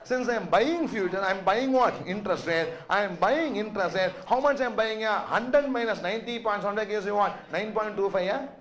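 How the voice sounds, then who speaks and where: A man's voice: sits high, brisk, few pauses, a bit bright. A man teaching a finance class, quizzing students constantly with "yes or no?" and "what?". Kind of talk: classroom lecture.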